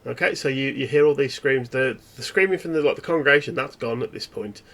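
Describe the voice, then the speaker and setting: A man running a tabletop horror game as game master, describing scenes in a relaxed, meandering way. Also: medium pitch, fast, vocal fry.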